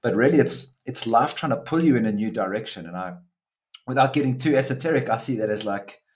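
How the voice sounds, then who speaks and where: A man's voice: mid-range voice, expressive, fairly quick, a little mellow. A middle-aged man from South Africa, hosting a reflective interview in an earnest, searching way. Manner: earnest, searching, with frequent restarts. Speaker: podcast host.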